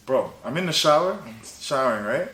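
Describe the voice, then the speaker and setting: A young man hosting a podcast, telling a story in casual chat, animated and laughing, with "bro" in nearly every line. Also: mid-range voice, a little fast. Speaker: podcast host. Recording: roomy echo, faint noise.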